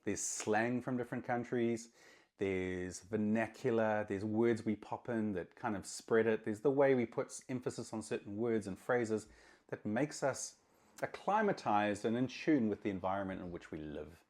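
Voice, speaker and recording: Low-voiced man lecturing casually to camera. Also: moderate pace, darkish tone. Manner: emphatic, conversational, with repeated words. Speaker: marketing consultant, podcast host.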